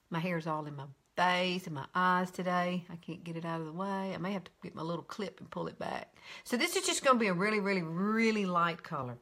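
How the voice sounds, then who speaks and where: A friendly woman in her fifties with a drawl talks her way through a casual live makeup tutorial. She rambles cheerfully and greets viewers by name, jumping up into a high sing-song for each hello. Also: a bit bright. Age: 50s. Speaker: makeup vlogger hosting a live stream.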